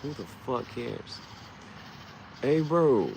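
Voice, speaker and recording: A man ranting casually and profanely on his vlog, rambling and getting animated as he goes. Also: deep voice, moderate pace, long pauses, a little hiss or hum, low-quality recording. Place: dim room.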